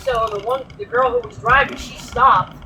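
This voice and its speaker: A woman's voice: a little high, steady tone, moderate pace. Brash New woman telling stories in a vehicle. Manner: brash, swears freely, acts out quotes. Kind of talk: casual storytelling chat. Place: in a vehicle, air conditioner blowing. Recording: distant mic with road noise.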